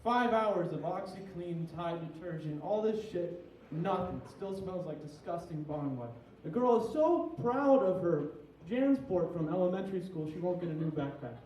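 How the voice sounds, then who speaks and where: A man's voice: high voice, lively intonation, moderate pace, hardly any pauses, mellow, slight background noise. A young man, a little tipsy, doing a crude, rambling, self-deprecating stand-up comedy set at a small venue. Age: young adult. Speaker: stand-up comic. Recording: echoey room, heard from a distance.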